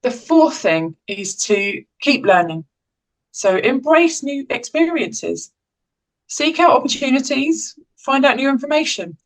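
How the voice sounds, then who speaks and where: A woman's voice: high voice, sing-song, measured pace, poor audio. A woman in her forties from England with an English accent, an educational psychologist giving an informal, conversational talk on well-being, with frequent restarts and light laughs. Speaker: educational psychologist and parent caregiver.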